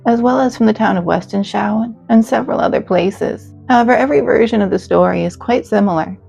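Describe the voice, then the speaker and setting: A woman's voice: medium pitch, vocal fry, dark tone, husky. A woman narrating a history legend with earnest, dramatic storytelling. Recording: slightly dull, faint music.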